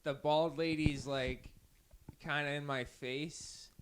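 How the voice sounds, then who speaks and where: Rambling young man, slightly high voice. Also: steady tone, slow, over a noisy crowd. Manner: rambling, self-mocking, crude jokes. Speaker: podcast co-host. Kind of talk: casual comedy podcast chat.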